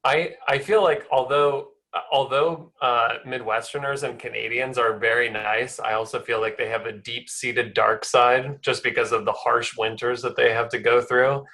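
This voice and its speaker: A man's voice: mid-range voice, fairly even intonation, moderate pace, few pauses, sharp tone. A man co-hosting a podcast, chatting casually and making jokes. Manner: chatty, jokey. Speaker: podcast co-host. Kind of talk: casual chat.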